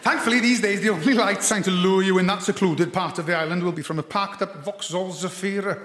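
A man's voice: high-pitched, fairly even intonation, fast talker, a bit bright. A man telling comic stories, with wry, dry asides. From Anglesey, Wales. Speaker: comedian host. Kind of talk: stand-up comic storytelling. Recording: echoey hall with long reverb.

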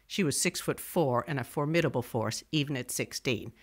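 A woman's voice: very deep voice, moderate pace, breathy edge. A woman voicing a young radio writer, telling her story in wry, digressive, scripted first-person narration.

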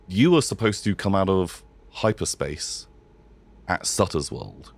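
A man's voice: deep voice, big pitch swings, unhurried, vocal fry. A man narrating as game master in a hesitant way with many fillers.

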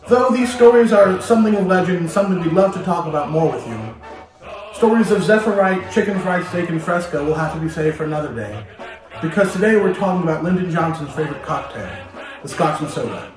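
Male history host, playful storyteller, slightly high voice, roomy distant sound, music under. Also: fairly quick. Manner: lively, addresses listener directly, playful. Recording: very echoey room, distant mic, music behind.

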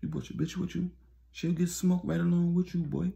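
A man doing a loud, taunting young street dealer, raised high and gravelly. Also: fast. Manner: loud, cursing, mocking threats.

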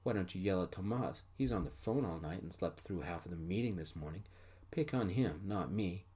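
A man softly voicing a resentful, slurring drunk male bandmate in an audio story. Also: deep voice, lively intonation, fairly quick, husky. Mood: sneering. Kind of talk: soft-spoken ASMR storytelling.

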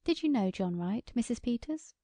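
A blunt country farm wife, played by a woman narrator, talks in a mellow, gravelly voice. Her speech is plain and direct, recorded close and dry for an audiobook. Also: on the high side, animated, moderate pace, no echo. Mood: rueful. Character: plain-spoken rural farm wife, regretful.

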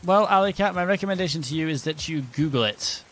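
A man's voice: on the high side, expressive, fast talker, fairly bright tone. A man streaming a game, chatting casually and joking with his viewers. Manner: joking banter with chat. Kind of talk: casual live-stream chat.

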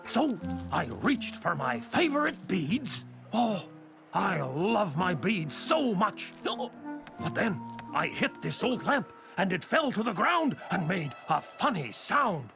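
An actor voicing a cheerful, excitable male monster who loves necklaces in a children's cartoon. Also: sits high, slow pace, heavily acted. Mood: giggly storytelling. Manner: excitable, laughs a lot, gravelly. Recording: cartoon soundtrack with music.

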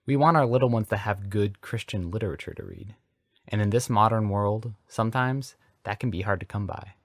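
A man's voice: fairly low pitch, brisk, a bit bright, no room sound, clean studio sound. A man voicing an earnest, devout Christian mother who writes stories, sounding sincere.

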